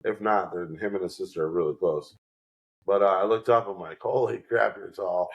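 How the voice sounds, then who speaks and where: A man's voice: low voice, fairly quick, lo-fi sound. A man from New York co-hosting a podcast, chatting casually and telling rambling stories, acting out the people he quotes. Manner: rambling storyteller, acts out quotes. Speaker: podcast co-host. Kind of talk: casual chat.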